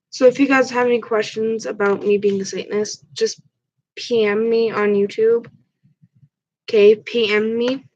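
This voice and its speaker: A woman vlogger with a fairly high, slightly mellow voice chats casually to camera, rambling with ums and restarts. A cat allergy has her stuffed up, and the recording is dull and lo-fi.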